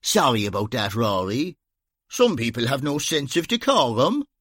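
A man's voice: mid-range voice, big pitch swings, normal speed, a bit bright, husky, dry recording. A man with an Irish accent voicing a wry, teasing Dublin police officer who talks in dry, sardonic banter.

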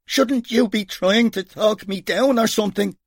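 A man's voice: high-pitched, measured pace, slightly rough, no room sound, clean studio sound, pitched above the performer's own voice, exaggerated voice. A man with an Irish accent voicing a surly, frightened young man on a ledge who answers in sullen, snapping retorts.

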